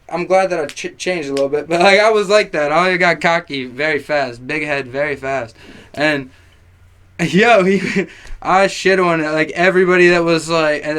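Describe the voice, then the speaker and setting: A young man telling a long, animated story in casual chat, swearing freely and acting out what people said. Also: on the high side. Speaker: guest.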